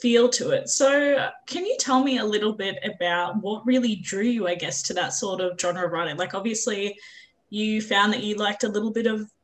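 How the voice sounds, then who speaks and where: A woman's voice: mid-range voice, moderate pace. A woman hosting an interview, enthusiastic and informal, hedging as she asks her questions. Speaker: interview host. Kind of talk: casual interview conversation.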